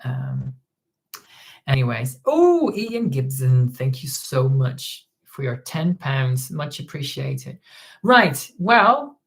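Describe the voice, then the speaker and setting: A woman's voice: a bass voice, lively intonation, takes it slowly, creaky, fairly bright tone. A woman hosting a casual livestream, rambling with plenty of ums and restarts as she reads out chat comments. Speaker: livestream host.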